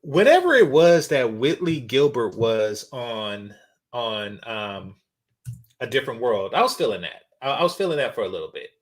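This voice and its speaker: A man's voice: medium pitch, big pitch swings, moderate pace. A man hosting a casual reaction commentary channel, talking bluntly with lots of fillers and restarts. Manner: blunt, rambling, frequent fillers.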